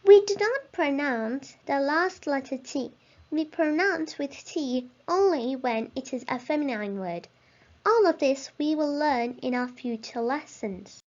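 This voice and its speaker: A woman's voice: high voice, animated, a little slow, darkish tone. A woman teaching a language lesson, pronouncing words carefully and encouraging the listener to repeat after her. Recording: slightly dull lo-fi recording.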